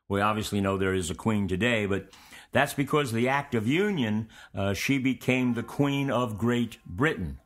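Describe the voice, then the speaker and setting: A man acting as host and history teacher, giving an informal, meandering lecture to his students in a relaxed, conversational way. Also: medium pitch.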